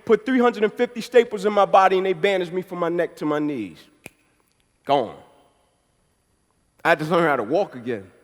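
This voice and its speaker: A man's voice: sits high, a bit bright. A man in his thirties from Atlanta, Georgia, giving a motivational speech, telling his story emphatically with a preacher-like build. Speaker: motivational speaker. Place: large event hall. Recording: long reverb of a large hall.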